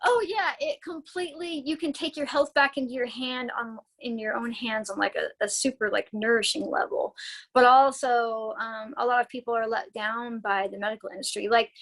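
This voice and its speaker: A woman's voice: on the high side, normal speed, fairly bright tone, poor audio. A woman herbalist talking as a guest in a casual interview while she recovers from a concussion. She rambles in a chatty way, with many restarts, and laughs often.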